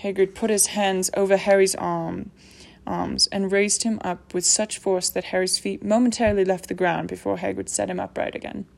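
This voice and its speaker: A woman reads a novel aloud as an audiobook narrator. Her voice sits at a middle pitch for a woman, and her delivery stays steady and measured. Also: creaky. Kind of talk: scripted narration.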